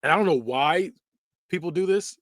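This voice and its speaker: A man's voice: fairly high pitch, moderate pace, no room sound, studio quality. A man hosting a podcast, ranking phrases in a blunt, slangy way and laughing often as he mimics them. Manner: animated, laughs often, repeats phrases in mock voices. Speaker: podcast host. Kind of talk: casual tier-list commentary.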